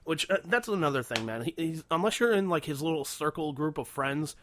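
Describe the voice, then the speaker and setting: A man's voice: a little high, lively intonation, a little fast, a bit bright, slight background noise. A young man co-hosting a podcast, telling a long workplace story in casual, profane chat with many restarts. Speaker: podcast co-host.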